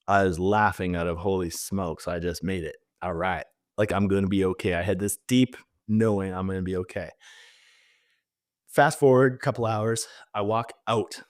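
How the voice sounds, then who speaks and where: A man from Canada, a podcast guest vividly telling a personal story in an animated way, full of fillers. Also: fairly low pitch, no echo, clean studio sound.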